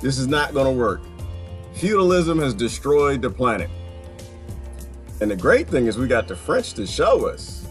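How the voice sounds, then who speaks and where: A man's voice: medium pitch, very animated, moderate pace, long pauses, soft background music. A man vlogging in a rambling, jokey monologue, repeating phrases and laughing often. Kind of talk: casual monologue.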